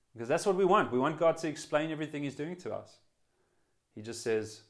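A man preaching a sermon as pastor, earnest and conversational, often restarting phrases and swinging between loud and hushed emphasis. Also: a little high, expressive, a little fast. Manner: voice swells then drops to quiet emphasis.

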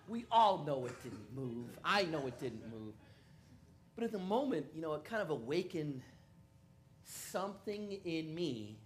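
A man's voice: on the high side, slight background noise. A man preaching a sermon, who prays and tells personal stories, acting out the voices of the people in them. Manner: animated storyteller who acts out quoted voices. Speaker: pastor. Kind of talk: sermon with storytelling.

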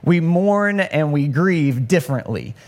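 A young preacher delivers a casual, conversational sermon at a measured pace in an animated voice. He acts out the voices in the story, raising his pitch as he does.

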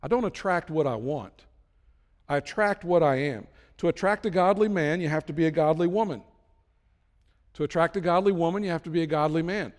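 A man preaching a conversational sermon as a pastor, emphatic, with sudden loud bursts. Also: fairly high pitch, brisk, big-room sound.

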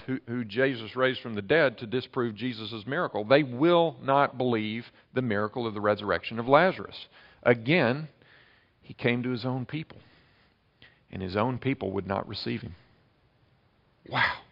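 A man preaching a sermon, emphatic, with sharp swings between loud and quiet. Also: mid-range voice, gravelly, dull audio. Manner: emphatic preaching with dramatic shifts in loudness. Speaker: pastor.

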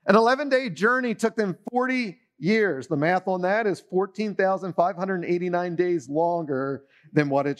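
A middle-aged man preaching a sermon in a conversational way, often putting questions to his listeners. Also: high voice. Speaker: pastor.

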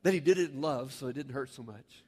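A man's voice: mid-range voice, fast, darkish tone, breathy edge. A man preaching a sermon as a pastor, earnest and rising to fervent appeals to the congregation. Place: church sanctuary.

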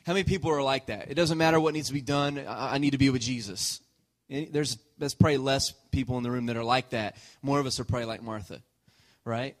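A man's voice: medium pitch, fairly even intonation, fast. A male pastor preaching a conversational sermon, joking and checking in with the congregation.

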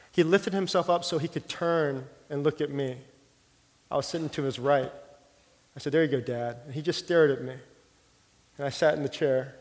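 A middle-aged man preaching a sermon, telling a personal story in an earnest, heartfelt way and sometimes dropping his voice soft. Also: mid-range voice. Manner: earnest storytelling, drops soft for quoted prayer. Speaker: pastor. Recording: long hall reverb.

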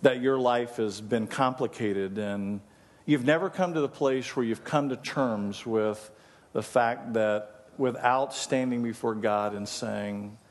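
A man's voice: medium pitch, slow. Man preaching in an echoing hall. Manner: storytelling, leads the congregation in prayer. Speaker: pastor. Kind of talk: sermon. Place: church sanctuary. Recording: long reverb of a large hall.

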